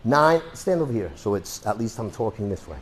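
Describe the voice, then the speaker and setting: A man's voice: on the low side, expressive, fairly quick, breathy edge. A man teaching self-defense through a hands-on demonstration, talking bluntly and cursing freely. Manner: blunt, profane, streetwise.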